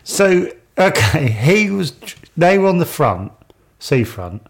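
A man's voice: on the high side, sing-song, slow. Guy, easygoing podcast chat, keeps laughing thru his stories. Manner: laughs a lot while telling anecdotes.

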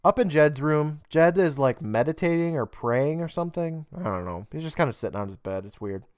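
A man's voice: on the high side, lively intonation, fairly quick, no room sound, clean studio sound. A man co-hosting a podcast, chatting casually about a TV episode, laughing often and acting out the characters' lines. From United States. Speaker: podcast co-host. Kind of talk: casual chat recapping a TV episode.

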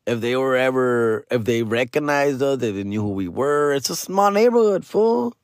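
Here a middle-aged man at medium pitch tells a laid-back podcast story at a moderate pace, his intonation lively. Slang and Spanish words pepper his English, and he calls the listener fool and dog. The studio-quality sound has no echo.

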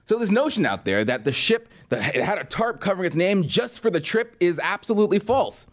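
Sarcastic man with a lively voice. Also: sits high, brisk. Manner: sarcastic, mocking. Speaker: podcast host. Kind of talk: political commentary.

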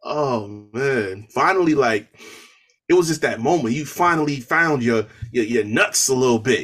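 A man co-hosting a podcast, talking wrestling in an excitable, slangy way with lots of laughter. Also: mid-range voice, measured pace. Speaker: podcast co-host. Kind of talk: casual wrestling chat.

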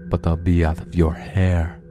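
A man's voice: deep voice, level tone, measured pace. A man voicing a cruel, taunting male demon with a smug, mocking manner, music playing behind. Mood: cold. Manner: mocking, menacing, gleeful.

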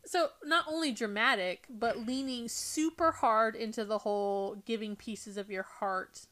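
A woman's voice: on the high side, unhurried, fairly bright tone. Laughing woman podcast host reading aloud. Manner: laughs often, dramatic reading voice. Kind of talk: casual chat, reading a book aloud.

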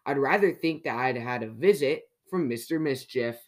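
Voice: medium pitch, lively intonation, normal speed, lightly acted. Reader as a worn-out little cheery guy from a kids' book, sighing, totally fed up. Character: weary cheerful little man. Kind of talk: storybook read-aloud.

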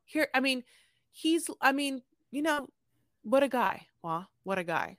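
A woman's voice: high voice, big pitch swings, a little slow, a bit bright, no room sound, clean studio sound. A woman co-hosting a podcast, chatting casually and rambling in a gushing way, with restarts and the odd swear. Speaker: podcast co-host. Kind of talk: casual chat recap.

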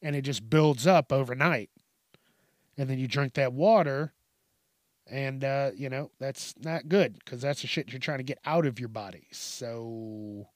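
A man's voice: medium pitch, measured pace, dry recording, studio quality. A man hosting a casual news commentary show, ranting bluntly and swearing freely. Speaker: host.

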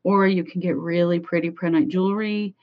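A woman co-hosting a livestream, relaxed and gently explaining healing stones. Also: lowish voice, fairly quick. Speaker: crystal advisor, co-host. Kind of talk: casual livestream chat. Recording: dull lo-fi stream audio.

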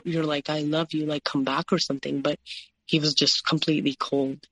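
A woman's voice: low voice, flat delivery, a little fast, no room sound. Woman retelling her story, dry sound. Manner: recounting with many "like" and "you know" fillers, quoting others. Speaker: interview guest. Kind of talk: personal story in a podcast interview.

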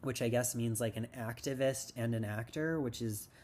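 A man's voice: medium pitch, normal speed, a little mellow. A man hosting a casual TV recap podcast, rambling and sarcastic with lots of "like". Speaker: podcast host.

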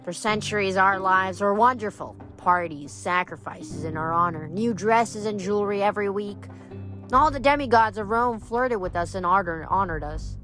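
A woman reading aloud, voicing a bitter, vengeful ancient female water nymph in a slow, menacing way. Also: medium pitch, fairly bright tone, faint music behind, lightly acted.

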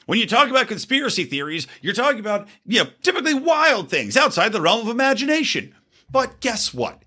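Man host, fired-up political rant, bright husky voice, swings up and down a lot. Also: high-pitched. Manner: heated, indignant, swearing, rhetorical questions. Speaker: podcast host. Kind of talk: ranting political commentary.

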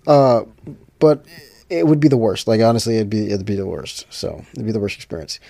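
A man talks casually to his audience, wandering from thought to thought with lots of restarts and fillers. His voice is dark, with a gravelly fry running through it. The sound is dry and close. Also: on the high side, lively intonation, quick pace, dry recording. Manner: rambling, many restarts and fillers. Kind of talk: casual chat to viewers.

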